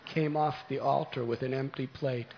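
Gravelly preacher telling a devotional tale. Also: male voice, mid-range voice, moderate pace, lo-fi sound, slight background noise. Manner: gentle, animated storytelling. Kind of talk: devotional storytelling sermon.

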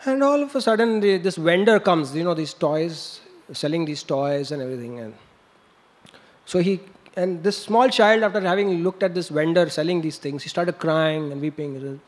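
High-voiced man telling a story. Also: normal speed. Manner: animated storytelling with laughs and sound effects. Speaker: monk preacher. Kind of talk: storytelling sermon.

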